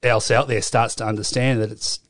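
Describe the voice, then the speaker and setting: A man's voice: mid-range voice, flat delivery, fairly quick, dry recording. Australian man, interviewer, rambling supportive questions, dry close sound.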